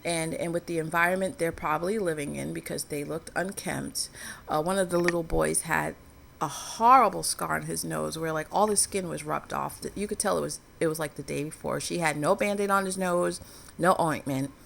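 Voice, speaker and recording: A woman's voice: low-pitched, moderate pace, vocal fry, fairly bright tone. A woman vlogging in a candid personal commentary, telling a story in a frank, earnest way.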